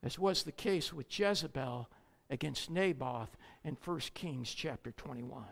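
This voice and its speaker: A preacher delivering a sermon, emphatic, swinging between loud declamation and quiet asides, with sarcastic jabs and rhetorical questions. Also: mid-range voice, lively intonation, moderate pace, creaky, big-room sound.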